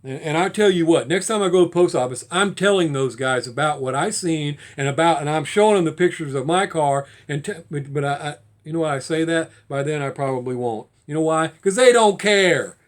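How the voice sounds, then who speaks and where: A man's voice: fairly high pitch, a little fast, few pauses. A man talking casually to camera in a collector's vlog, rambling with restarts and getting heated as he goes. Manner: rambling, repeats and restarts, gets heated and fired up. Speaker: diecast collector vlogger.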